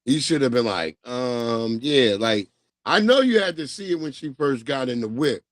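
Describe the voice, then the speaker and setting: A man's voice: mid-range voice, expressive, moderate pace, no echo. Blunt, laid-back livestream host man. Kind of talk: casual chat.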